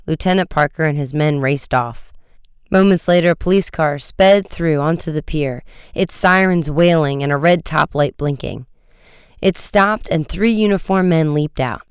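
An audiobook narrator reading an adventure story, with brisk, vivid storytelling that rises into shouts for the dialogue. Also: mid-range voice, smooth, no echo, clean studio sound.

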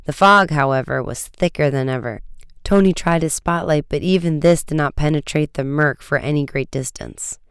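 A man narrating a storybook chapter in a steady, measured reading. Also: a little high, clear, resonant tone, no room sound, clean studio sound. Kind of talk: audiobook reading.

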